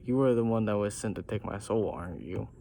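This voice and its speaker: A man's voice: on the low side, brisk, gravelly, mellow, a little hiss or hum. A man voicing a burly, brash wrestler who boasts and picks fights.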